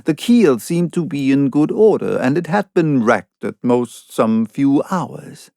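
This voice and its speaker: A man reading a classic novel aloud as audiobook narration, in a measured, deliberate way. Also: medium pitch, expressive, vocal fry, warm tone, no room sound, clean studio sound. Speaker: audiobook reader.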